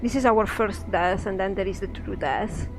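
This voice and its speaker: A woman talks through a game in a soft, musing voice, thinking aloud as she plays. Her pitch is middling. Faint game music sits behind her. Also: normal speed, poor audio. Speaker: game streamer. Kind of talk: let's-play commentary.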